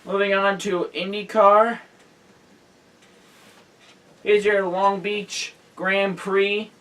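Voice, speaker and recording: A tired man hosting a casual racing news roundup, hurried and rambling, correcting himself as he goes. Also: high voice, little pitch movement, a bit bright, recorded from a distance, rough recording. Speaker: host.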